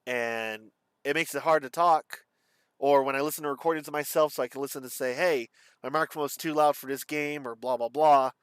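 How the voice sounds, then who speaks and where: Rambling young man, halting speech. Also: on the high side, steady tone, clean tone, dry recording. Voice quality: slight lisp or slur. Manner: rambling, halting, self-described stutter. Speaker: streamer. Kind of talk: casual vlog monologue.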